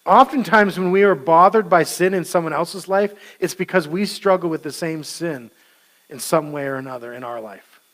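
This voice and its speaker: A man's voice: a little high, normal speed, a bit bright. A male pastor giving a conversational sermon, casual and joking and acting out scenes.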